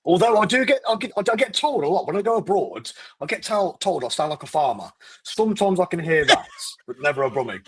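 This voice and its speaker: A man's voice: high-pitched, very animated, a little fast, a bit bright, slight background noise. A man appearing as a guest on a football fan podcast, talking in a good-humoured, self-deprecating way. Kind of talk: casual fan podcast chat.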